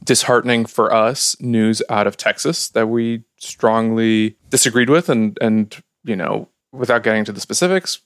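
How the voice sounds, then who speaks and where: A man's voice: fairly low pitch, normal speed, hardly any pauses, dry recording. Chatty podcast host man, dry sound. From Ukraine. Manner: upbeat, chatty, frequent laughter. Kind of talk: casual podcast chat.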